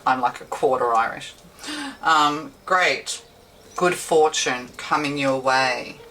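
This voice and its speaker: A female tarot reader gives a casual, chatty, rambling reading, often correcting herself mid-sentence. Her voice is very deep and sharp, and she speaks slowly. The mic is slightly distant, with faint background hiss.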